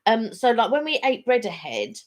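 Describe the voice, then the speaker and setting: A middle-aged woman, co-hosting a casual live stream and sharing her opinions in an expressive, chatty way. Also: fairly high pitch, normal speed.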